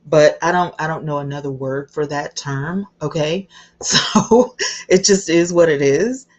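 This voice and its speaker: A woman's voice: low-pitched, a little slow, darkish tone. A woman hosting a casual livestream, chatty and emotional, greeting viewers by name as she talks. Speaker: livestream host.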